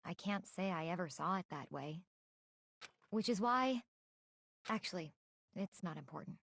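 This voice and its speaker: A calm, elegant gambler girl. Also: on the low side, unhurried, creaky, dry recording, clean studio sound, full character voice. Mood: composed farewell. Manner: soft, composed, quietly formal. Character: calm elegant young woman gambler, coolly polite. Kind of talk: video game voice acting.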